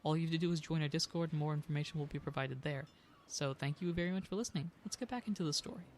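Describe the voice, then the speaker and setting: A man's voice: a little high, rapid-fire, darkish tone, a little hiss or hum. A man running a tabletop game as game master, talking casually with fillers. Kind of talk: tabletop game narration and podcast outro.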